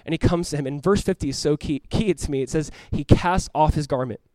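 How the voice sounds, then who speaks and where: A man preaching a sermon as pastor, animated, acting out voices and swinging from loud cries to hushed, earnest tones. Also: on the high side, a little fast, no room sound. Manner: animated, acts out voices of the crowd and the blind man.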